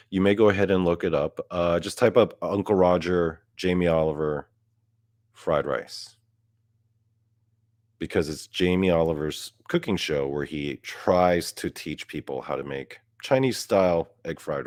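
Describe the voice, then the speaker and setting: A young man with a deep, low voice delivers a profane comedic rant. He swears freely and his voice climbs when he gets worked up. The recording is close and dry, with no room sound. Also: dry recording. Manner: profane, gets louder and higher when outraged. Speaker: podcast host. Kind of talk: ranting comedic monologue.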